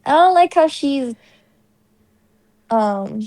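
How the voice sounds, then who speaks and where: A woman's voice: high-pitched, lively intonation, drawn-out words, a little mellow, dry recording. A young woman co-hosting a casual podcast as the younger sister, rambling through a story with hesitant fillers. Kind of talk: casual chat.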